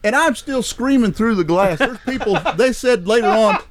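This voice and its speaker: A man's voice: high-pitched, normal speed, slight background noise. A middle-aged man, a regular guest, telling a story in casual chat and acting out what he said with rising emphasis. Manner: animated, acts out his own lines with rising emphasis, repeats "I said". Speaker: recurring podcast guest, storyteller.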